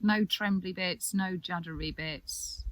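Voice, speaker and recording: A woman, a yoga teacher giving soft, calm, reassuring breathing instruction with long pauses. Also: on the low side, slight background noise.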